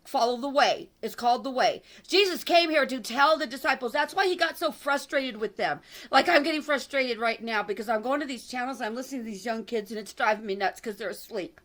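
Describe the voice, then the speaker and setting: A woman's voice: a little high, brisk, hardly any pauses, a bit bright. A middle-aged woman giving a heated, repetitive religious monologue, with fervent outbursts. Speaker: online religious speaker. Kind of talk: impassioned preaching monologue.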